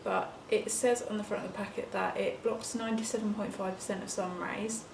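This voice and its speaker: A woman's voice: medium pitch, fairly even intonation, a little fast, gravelly. A young English woman, a first-time mum, chatting casually to camera at home, rambling and sometimes whispering. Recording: noisy home recording.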